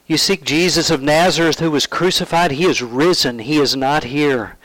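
A man preaching a sermon, retelling a Bible story in a storytelling manner, asking the listeners questions and dropping to hushed tones. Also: on the high side, moderate pace, hardly any pauses, no echo, rough recording.

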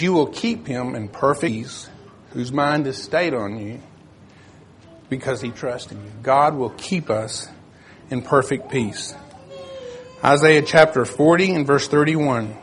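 An older man giving a sermon in a plain, conversational way, reading scripture aloud and pausing to find his verses. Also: a little high, slight background noise. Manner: searches for verses, self-correcting. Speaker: preacher.

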